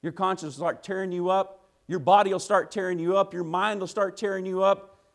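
A man preaching a sermon, telling a folksy work story that builds into loud, urgent preaching. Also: high voice, steady tone, a little fast, vocal fry.

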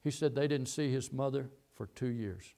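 A man's voice: mid-range voice, moderate pace, gravelly, dark tone. A middle-aged man preaching a sermon, telling a long story and repeating key phrases as he goes. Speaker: pastor.

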